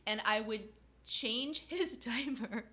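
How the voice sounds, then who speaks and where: A woman's voice: fairly high pitch, slow, sharp tone. A woman from South Florida co-hosting a podcast in casual chat, playful and self-mocking, laughing often. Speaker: podcast co-host.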